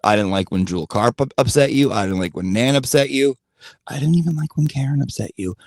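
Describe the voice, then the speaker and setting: A man's voice: medium pitch, brisk, darkish tone, dry recording. A man hosting his own commentary channel, ranting bluntly to his audience with plenty of swearing and repeated emphasis. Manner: blunt, profane, repetitive emphasis; talks directly to his audience.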